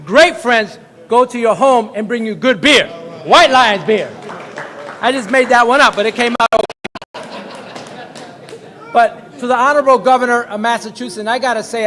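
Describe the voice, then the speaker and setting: A man, a state representative, giving a jokey, effusive speech at a press event. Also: bright, forceful tone. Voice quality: high-pitched, booming, jokey and effusive. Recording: long hall reverb.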